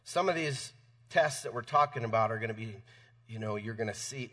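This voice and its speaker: A man's voice: mid-range voice, brisk, a bit bright. Pastor guy giving a chatty sermon in church, mic a bit far off, keeps restarting words. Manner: conversational, repeats words, chuckles often. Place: church sanctuary.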